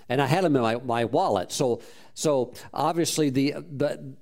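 A man's voice: mid-range voice, moderate pace, darkish tone. A man preaching a sermon as a pastor, telling a story with fervent praise and frequent restarts. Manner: repeats words while restarting phrases.

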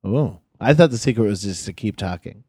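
A man's voice: lowish voice, expressive, fairly quick, darkish tone, breathy edge, no room sound, clean studio sound. A man co-hosting a podcast, joking and teasing playfully and laughing a lot. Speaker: podcast co-host. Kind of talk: casual podcast chat.

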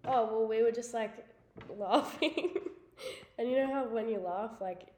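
A woman's voice: on the high side, unhurried, a little mellow. A woman who is a guest on a podcast, telling stories in a casual, giggly way. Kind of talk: casual chat. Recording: roomy echo.

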